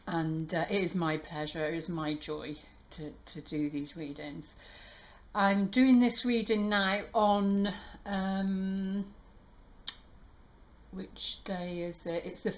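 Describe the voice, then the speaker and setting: A woman tarot reader talking warmly to her viewers, halting and emotional, with many restarts. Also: lowish voice, steady tone. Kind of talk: casual heartfelt channel talk.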